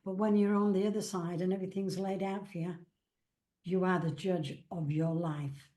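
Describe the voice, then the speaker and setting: A woman's voice: on the low side, fairly even intonation, moderate pace, dark tone. A woman from England, a psychic medium and author, chatting in a rambling way and acting out the dialogue she recalls. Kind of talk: casual storytelling interview.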